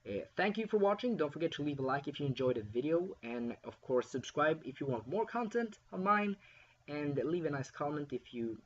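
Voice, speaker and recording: Guy rambling thru a movie review, kinda husky, dull lo-fi mic. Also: a little high, very animated, fairly quick. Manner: rambling, frequent fillers and restarts. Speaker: film reviewer. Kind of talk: casual spoken film review.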